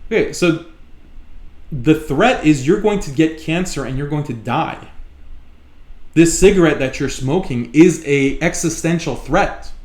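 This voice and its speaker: Male live-show host, fairly high voice, emphatic and repetitive, echoey room. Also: expressive, unhurried, a little mellow. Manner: emphatic, repeats points for stress. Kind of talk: live solo commentary.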